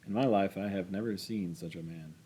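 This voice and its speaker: A man's voice: low voice, a little fast, husky. A man reading a scornful blunt woman. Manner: louder, sharp scolding.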